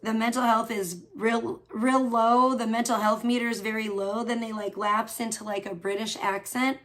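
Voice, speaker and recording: Chatty woman streamer, slightly high voice. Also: level tone, moderate pace, a bit bright. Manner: rambling, chatty, frequent laughs; reads and answers chat. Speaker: livestream host. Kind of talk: casual live-stream chat.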